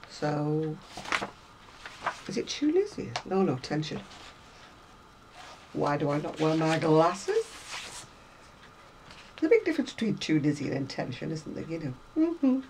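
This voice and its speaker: A woman's voice: deep voice, very animated, slow pace, long pauses, a little mellow, a little hiss or hum, low-quality recording. A woman chatting casually to viewers about craft magazines, rambling and self-deprecating, a little unwell. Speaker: craft vlogger.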